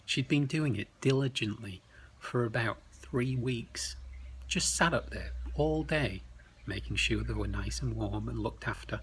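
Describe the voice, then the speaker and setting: A man telling a bedtime story, slow and expressive, often dropping to hushed tones. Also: mid-range voice, a little hiss or hum, poor audio.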